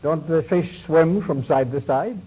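A man's voice: a little high, a little slow, husky. A man preaching a sermon, retelling a Bible story in a folksy, conversational way and voicing its figures with small shifts. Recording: dull lo-fi recording.

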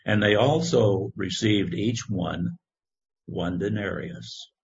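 A man preaching a sermon, reading scripture in a slow, measured way. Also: lowish voice, slight background noise. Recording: dull lo-fi recording.

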